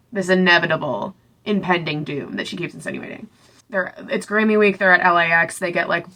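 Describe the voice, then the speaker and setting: A young woman casually recapping a book, sarcastic and chatty, acting out the characters' lines in quick little voices. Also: on the low side, bright, forceful tone. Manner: sarcastic, chatty, full of "like" and asides. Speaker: book reviewer.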